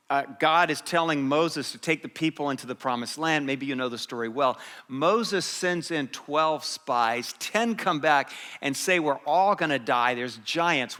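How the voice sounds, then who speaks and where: A middle-aged man, a pastor, preaching a sermon full of lively personal stories. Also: medium pitch, in a large hall. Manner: animated, lively storytelling with laughter. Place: church.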